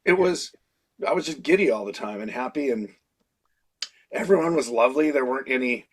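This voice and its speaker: Man in his 60s, husky voice, medium pitch, animated anecdotes, interview guest. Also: fairly quick. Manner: animated anecdotes, slips into impressions of people. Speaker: creature designer and puppeteer. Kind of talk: casual interview storytelling.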